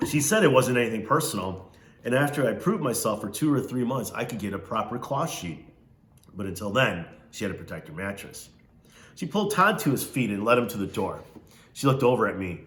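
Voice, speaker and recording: A man reads a novel aloud in a low-pitched voice. He narrates steadily and stops to ask his listeners questions along the way. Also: expressive, a little fast, a bit bright, roomy sound. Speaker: reader.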